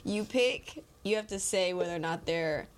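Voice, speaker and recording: A woman hosting a sports podcast game segment, upbeat and quick to laugh as she explains the rules. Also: fairly low pitch. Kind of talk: casual sports chat.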